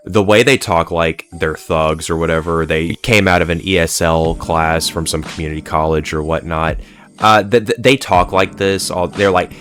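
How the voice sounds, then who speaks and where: A man's voice: low voice, moderate pace, fairly bright tone. A man giving a rambling, profane solo video commentary, full of "like" and "uh". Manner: rambling, profane, heavy use of "like" and "uh". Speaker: pop culture commentator.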